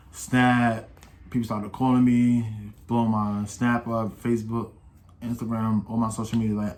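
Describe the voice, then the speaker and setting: A young man casually telling a personal story to camera in loose slang, getting louder and livelier when he quotes the people in it. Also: mid-range voice. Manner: slangy, animated when quoting others. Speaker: storytime vlogger.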